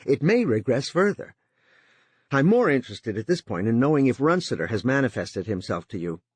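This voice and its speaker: A man's voice: mid-range voice, big pitch swings, normal speed, slightly rough, no echo, voice pushed up. A male audiobook narrator voicing a weary, blunt troubleshooter who explains things firmly. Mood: insistent.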